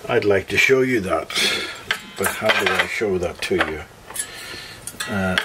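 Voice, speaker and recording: A Northern Irish luthier talks through a guitar setup as he works, thinking aloud and correcting himself as he goes. His voice sits somewhat low. A faint hiss and small clicks run behind his speech. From Northern Ireland. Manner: thinks aloud while working, self-correcting. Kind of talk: workshop tutorial, talking through repairs.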